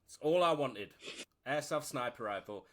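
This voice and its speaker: A man's voice: medium pitch, lively intonation, normal speed, a loud crowd. A man from Leicester, casually telling a story on a podcast, laughing as he goes. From Leicester, England. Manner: chatty, laughs while telling stories. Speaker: podcast host.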